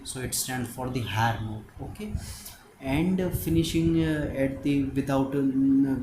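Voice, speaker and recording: A man with an Indian English accent, explaining exam notes as a tutor and talking in halting starts with many fillers. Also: medium pitch. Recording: echoey room with noise.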